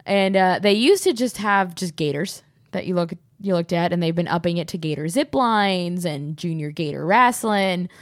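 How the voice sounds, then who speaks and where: A woman's voice: lowish voice, expressive, normal speed, few pauses, no echo, clean studio sound. A young woman hosting a podcast, telling stories in a casual, giggly way. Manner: storytelling, giggly, does silly voices. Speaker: podcast host. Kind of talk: casual chat.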